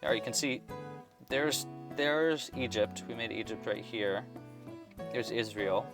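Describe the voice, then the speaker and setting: Rambling, friendly-casual male host chatting through a crochet session, mid-pitched, mutters stitch counts, faint music underneath. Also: measured pace. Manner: chatty, rambling, with many fillers and restarts; counts stitches aloud under his breath. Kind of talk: casual livestream chat while crocheting.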